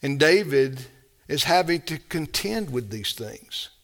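A man preaching a sermon, passionate and full of rhetorical questions, swinging between loud emphatic stretches and hushed quiet ones. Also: on the high side, expressive, slow pace.

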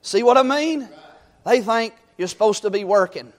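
A high-voiced, middle-aged man preaches with fervor. He swings from ringing exhortation down to soft, homey storytelling. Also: animated, normal speed. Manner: fervent, swings from loud exhortation to quiet storytelling. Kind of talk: sermon.

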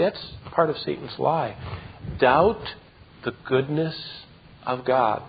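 A male pastor delivers a sermon with emphatic repetition and quick asides. His voice sits a little higher than most men's. The recording is dull and lo-fi. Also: a little hiss or hum. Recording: dull lo-fi sound.

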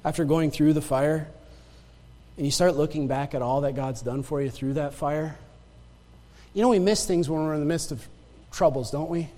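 With a fairly high, warm voice, a pastor delivers a conversational sermon at a normal pace, pausing often. He tells stories with laughter and keeps restarting his sentences, and the long reverb of the church sanctuary surrounds his words.

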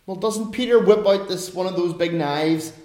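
A man preaching a sermon with emphatic, repeated phrases that sometimes drop to soft, low asides. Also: moderate pace, reverberant.

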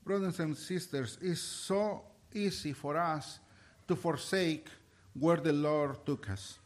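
A man preaching a sermon, impassioned and halting, with restarts, swinging between loud and soft. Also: a little high. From Mexico.

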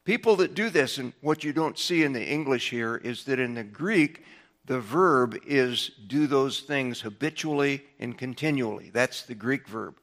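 A man preaching an evening Bible sermon in a folksy way, climbing in pitch and loudness to stress lists of words, then dropping low again. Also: animated, unhurried. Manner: folksy, with fillers and restarts. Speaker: pastor.

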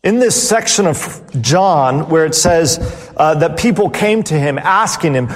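A man's voice: on the high side, sing-song. Preacher man in a reverberant hall. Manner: preaches with pauses, trailing off softly at phrase ends. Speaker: pastor. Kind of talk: sermon. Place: church.

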